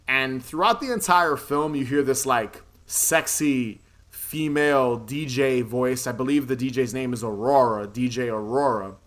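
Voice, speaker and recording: A man's voice: medium pitch, a little slow, fairly bright tone. A man casually recapping a movie plot in a podcast chat, rambling, swearing freely and laughing often. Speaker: podcast co-host.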